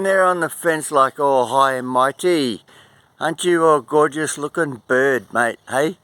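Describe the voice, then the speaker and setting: Slow, cooing man outdoors. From Australia. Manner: coos affectionately, swings between high sing-song and hushed whispers. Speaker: vlogger. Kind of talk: casual talk to birds outdoors. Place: outdoors near a fence.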